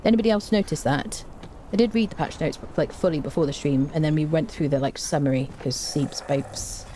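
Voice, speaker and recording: A woman's voice: low voice, a little fast, mellow, a little hiss or hum. A woman live-streaming a game, chatting casually with her viewers and humming to herself between remarks. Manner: chatty, hums tunelessly between remarks, reads and answers chat. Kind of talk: casual live-stream chat while playing.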